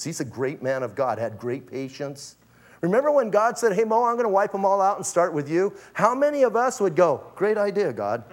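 Animated high-voiced male pastor preaching. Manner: animated and conversational, acting out quoted voices. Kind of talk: sermon.

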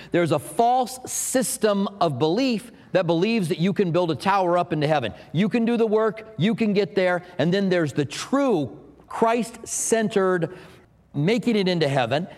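A man preaching a sermon as pastor, teaching with asides and light humor to the congregation. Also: high voice. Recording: long hall reverb.

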